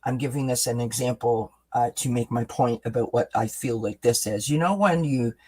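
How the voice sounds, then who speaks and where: A man hosting a live oracle card reading and answering viewers in chat. He talks in a gentle, reassuring way, often checking in with "right?" and "you know.". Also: mid-range voice, moderate pace. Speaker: oracle card reader and host.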